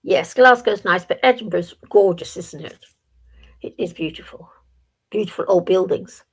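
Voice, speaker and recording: A woman's voice: lowish voice, moderate pace. An older woman hosting a live stream, chatting casually and rambling to herself while she waits for others.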